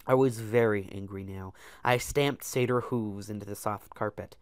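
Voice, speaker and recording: A man reading a science fiction novel aloud as a storyteller, with measured, dramatic emphasis. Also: fairly low pitch, fairly even intonation, smooth, no room sound, studio quality.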